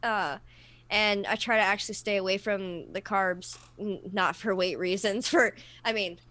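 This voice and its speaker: A woman's voice: medium pitch, steady tone, a little slow, a bit bright. A woman co-hosting a casual podcast panel chat, telling stories animatedly and laughing often.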